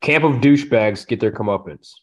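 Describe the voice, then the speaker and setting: A man's voice: on the low side, fairly quick. A man co-hosting a podcast, giving dry, matter-of-fact verdicts in a casual movie chat. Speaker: podcast co-host.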